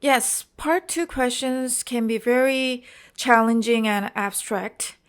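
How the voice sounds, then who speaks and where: A woman's voice: on the high side, steady tone, slow. A woman with a Korean accent teaching an IELTS exam-prep lesson, explaining carefully and often checking in with "okay?" and "you know".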